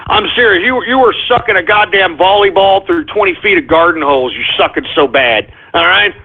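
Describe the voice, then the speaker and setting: Ranting husky-voiced male radio host. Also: high voice, brisk. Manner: profane, ranting, repeats himself. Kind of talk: talk radio rant. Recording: tinny phone-like radio audio.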